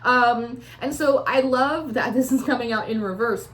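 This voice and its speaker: A woman's voice: fairly high pitch, moderate pace, slight background noise. A woman giving a casual tarot reading, talking loosely with lots of fillers and acting out feelings with animation. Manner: chatty, many "like" fillers, swears freely; acts out the listener's feelings in a raised, animated voice. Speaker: tarot reader.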